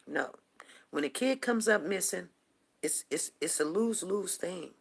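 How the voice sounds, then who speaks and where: A woman's voice: fairly low pitch, expressive, unhurried, gravelly, breathy edge. Rambling woman host, talking emphatically. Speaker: show host. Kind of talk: casual talk-show monologue.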